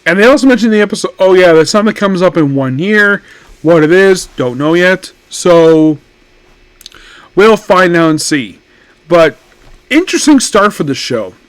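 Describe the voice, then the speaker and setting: A man's voice: high-pitched, moderate pace, no echo. A man casually reviewing an anime episode, rambling and often correcting himself mid-sentence. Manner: rambling, self-correcting, animated.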